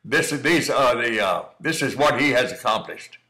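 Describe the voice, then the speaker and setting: Middle-aged guy with a bright forceful voice chatting folksy about training a cow dog, calls you son. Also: medium pitch, expressive, moderate pace, poor audio. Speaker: cowdog breeder commenting on training footage. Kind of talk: casual running commentary over video.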